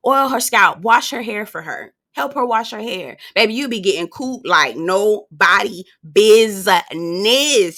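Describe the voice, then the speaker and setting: A woman reviewing a reality show in a casual, animated, gossipy way, talking straight to her viewers. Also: measured pace, hardly any pauses. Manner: animated and gossipy, acting out quoted people in a high voice.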